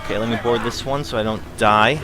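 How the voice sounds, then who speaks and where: A man's voice: mid-range voice, fairly even intonation, fast, crowd noise. An American man streaming a game, chatting casually and answering chat while he plays. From United States. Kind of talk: casual gameplay commentary. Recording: game music playing behind. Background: game music.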